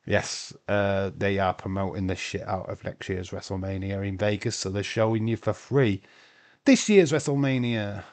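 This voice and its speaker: A man's voice: lowish voice, moderate pace. A man hosting a casual live watch-along stream, chatting loosely, answering viewers' comments and swearing now and then. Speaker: livestream host.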